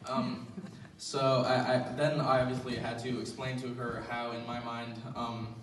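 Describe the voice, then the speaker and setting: A young man works through his stand-up set, rambling and self-deprecating, leaning on ums and restarts. He sits at an ordinary middle pitch, and the mic catches him from some distance. The small venue adds a roomy echo over a faint background hum. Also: flat delivery, measured pace. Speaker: stand-up comedian.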